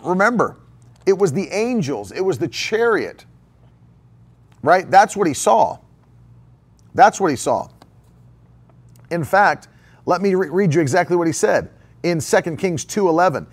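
Brief: man preaching with a high, lively voice that swings widely, emphatic and full of repetition. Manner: emphatic, repeats key phrases, asks rhetorical questions. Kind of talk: sermon.

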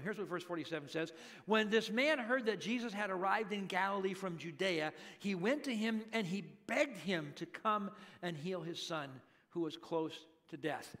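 A middle-aged male pastor preaching a sermon, dramatically acting out pleading voices and hushed prayers. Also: high voice.

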